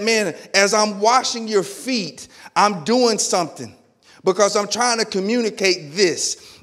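A middle-aged male pastor with a notably high voice preaches in a loose, colloquial way. He tells stories with energy and acts out the back-and-forth himself. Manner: lively storytelling, acting out dialogue in his own voice. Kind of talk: sermon.

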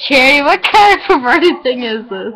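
A woman chatting casually on a home video, giggly and teasing, breaking into shouts. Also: high-pitched, big pitch swings, moderate pace, rough recording.

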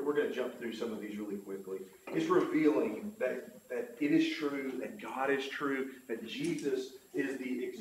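Man, Bible class teacher, earnest and emphatic, slightly high voice, very echoey room. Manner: earnest, emphatic, quotes scripture and authors. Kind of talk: church lesson talk. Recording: echoey room with faint noise.

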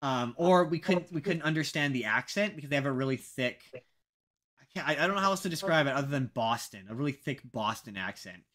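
A young man co-hosting a casual podcast, rambling and animated, poking fun at his own past opinions. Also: mid-range voice, fairly quick. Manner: animated, rambling, self-mocking. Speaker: podcast co-host.

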